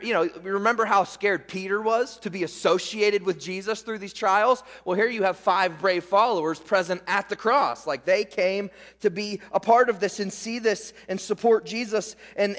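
A male pastor preaching a sermon, emphatic, asking rhetorical questions and slowing down on key words. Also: high-pitched, a bit bright. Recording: reverberant sanctuary.

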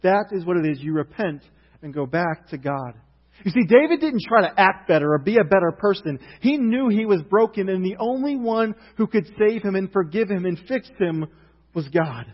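Animated man preaching in a reverberant hall. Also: high voice, moderate pace, husky, highs cut off. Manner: storytelling, animated retelling with rising outrage. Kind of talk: sermon.

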